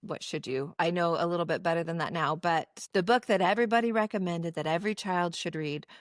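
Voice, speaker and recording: A woman's voice: lowish voice, brisk, no echo, studio quality. A woman co-hosting a podcast, chatty and sometimes searching for her words. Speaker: podcast co-host. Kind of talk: casual podcast conversation.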